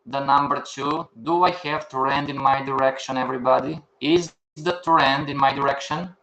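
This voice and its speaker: Older man, trading instructor, bright forceful tone, echoey room, asks and answers his own questions. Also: mid-range voice, fairly even intonation, normal speed, gravelly, slight background noise. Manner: questions the class and answers himself. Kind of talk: live online class.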